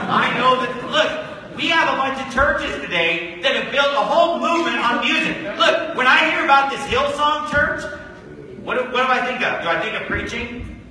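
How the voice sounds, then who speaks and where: A man's voice: very high-pitched, lively intonation, moderate pace, heavy reverb, big-room sound, far from the mic, crowd noise, low-quality recording. A man preaching a fiery sermon as a pastor, firing off repetitive rhetorical questions with sarcastic asides. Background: congregation calling out amens.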